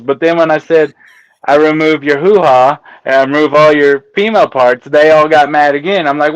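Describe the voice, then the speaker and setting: A man telling stories as a guest in a casual interview, animated and laughing as he talks. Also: on the high side, normal speed, clear, resonant tone, no room sound. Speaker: guest, autopsy technician. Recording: dull lo-fi sound.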